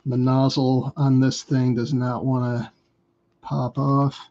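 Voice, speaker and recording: A man's voice: mid-range voice, flat delivery, takes it slowly, mellow, slight background noise. A man chatting casually with viewers on a live stream as he paints a miniature, thinking aloud as he works. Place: indoors at a hobby table. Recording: dull lo-fi stream audio.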